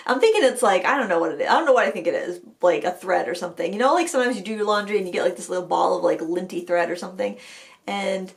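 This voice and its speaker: A woman's voice: medium pitch, expressive, quick pace, creaky. A woman hosting a casual live chat, telling rambling stories full of fillers and restarts. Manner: chatty storytelling with many fillers and restarts. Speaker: host of an art channel live chat.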